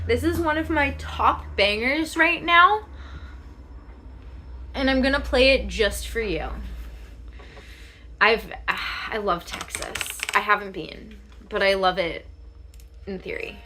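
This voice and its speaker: A woman's voice: a little high, measured pace, long pauses, sharp tone, a little hiss or hum. A young woman chatting casually on a livestream, rambling from one thought to the next, laughing often and swearing freely.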